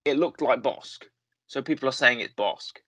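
A man's voice: mid-range voice, moderate pace, a bit bright, dry recording. A man co-hosting a podcast in casual chat, rambling and correcting himself often, with lots of fillers. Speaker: podcast co-host. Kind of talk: casual chat reviewing a series.

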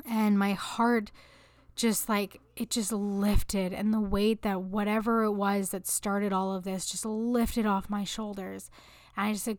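A woman's voice: mid-range voice, fairly even intonation, moderate pace, dry recording, clean studio sound. A woman hosting a podcast, sharing an earnest, emotional faith reflection that rises into impassioned exhortation. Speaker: podcast host. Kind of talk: faith-based personal reflection.

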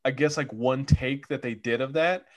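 A man's voice: mid-range voice, fairly even intonation, normal speed. A man co-hosting a podcast, chatting about movies in a rambling way with many restarts. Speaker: podcast co-host. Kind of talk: casual movie chat.

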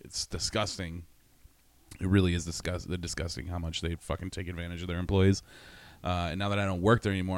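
A man's voice: sits low, level tone, brisk, no room sound. A man telling a story in a casual, profane monologue, ranting and laughing as he goes.

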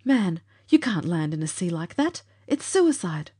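A woman's voice: a little high, expressive, a little fast, darkish tone. A woman voicing an alarmed young man. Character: alarmed young man, the story's first-person hero.

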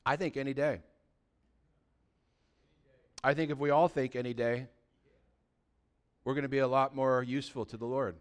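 A man preaching a sermon as pastor, swinging between loud, excited bursts and quiet, low asides. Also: normal speed, long pauses, clean tone.

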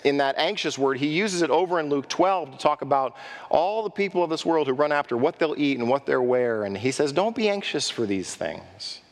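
A man preaching a sermon as pastor, animated, acting out quoted speech and asking the congregation direct questions. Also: a little high, fairly quick. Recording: echoey hall reverb.

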